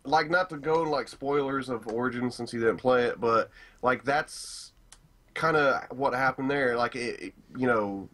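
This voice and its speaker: A man's voice: mid-range voice, unhurried, a bit bright. A young man co-hosting a video game chat, rambling with lots of fillers, swearing and voicing strong opinions. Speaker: gaming channel co-host. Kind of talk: casual chat.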